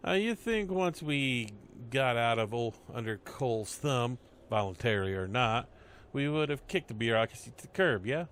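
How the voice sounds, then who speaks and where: A man's voice: medium pitch, lively intonation, normal speed, few pauses, fairly bright tone, slight background noise, natural voice. A man voicing a wry, streetwise male gatekeeper of a compound, with a slangy, sardonic manner.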